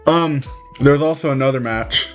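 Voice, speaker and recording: Young guy ranting into his camera, swears a lot, really animated, mid-pitched voice, some quiet music in the back. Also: moderate pace. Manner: animated, swears freely, jumps into high-pitched quoted voices. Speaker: vlogger. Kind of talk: casual storytelling rant.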